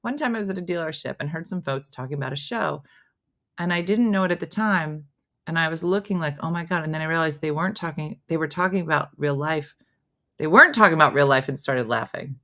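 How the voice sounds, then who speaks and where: A middle-aged woman runs a casual live stream, answering viewer comments in an animated, chatty way. She laughs often and slips into the odd mock whisper to act out a story. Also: deep voice, quick pace. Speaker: host reading viewer comments.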